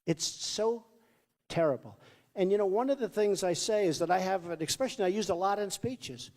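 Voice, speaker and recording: A man's voice: high voice, normal speed, darkish tone. A man in his sixties from New York, giving a rambling, boastful campaign rally speech full of repeated asides in a large hall. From New York, United States. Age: 60s. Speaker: political candidate.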